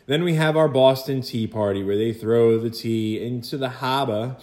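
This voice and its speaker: A male teacher talks through a recorded history lecture in a relaxed, conversational way, tossing in "right?" and "okay?" and acting out quick quotes. His voice sits in a middle range and bounces off the walls of an echoey room. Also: mid-range voice. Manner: chatty, rhetorical asides and quick acted quotes.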